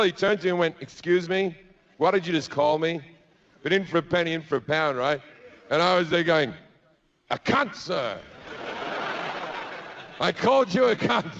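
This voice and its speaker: A man with an Australian accent doing stand-up, telling a crude, profane story and acting out the people in it. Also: on the high side. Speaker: stand-up comedian. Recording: dull lo-fi live recording with noise.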